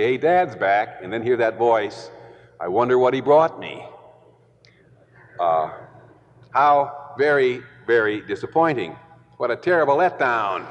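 A male preacher delivers his sermon at an unhurried pace, driving points home through careful repetition. His voice sits in a middle register. It carries a long reverberant tail, as if he is speaking in a large hall. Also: medium pitch. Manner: deliberate, emphatic repetition.

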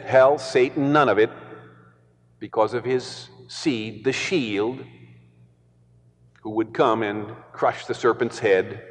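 A male preacher delivers his sermon at an unhurried pace, driving points home through careful repetition. His voice sits in a middle register. It carries a long reverberant tail, as if he is speaking in a large hall. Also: medium pitch. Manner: deliberate, emphatic repetition.

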